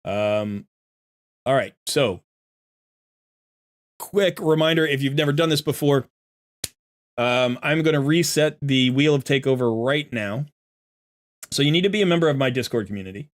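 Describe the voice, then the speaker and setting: A man's voice: medium pitch, moderate pace, pauses often. A man streaming a game and coaching viewers, talking bluntly and emphatically and often repeating himself, sounding a bit irritated. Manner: sounds irritated while sorting gear. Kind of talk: casual livestream commentary.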